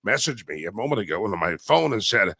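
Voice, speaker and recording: A raspy, hoarse man hosts a talk radio show, his lively delivery swinging up and down in pitch. His voice is gravelly and bright, recorded close and dry on a studio mic. He teases his listeners as he talks. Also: a little fast, dry recording. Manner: animated, teasing, jumps between loud and mumbled. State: hoarse, voice wearing out. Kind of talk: opinionated talk radio monologue.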